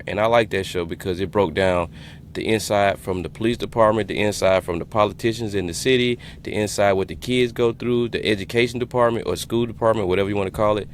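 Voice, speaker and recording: Man, podcast host, low voice, laid-back joking delivery, faint hiss behind. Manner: loose, joking, trails off into asides. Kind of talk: casual interview chat.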